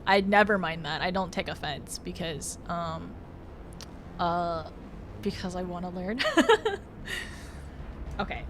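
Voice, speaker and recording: A woman's voice: lowish voice, fairly even intonation, slow pace, long pauses, noisy background. A woman livestreaming a game, chatting casually with viewers, giggling often and tripping over her words. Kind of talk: casual live-stream chat while gaming.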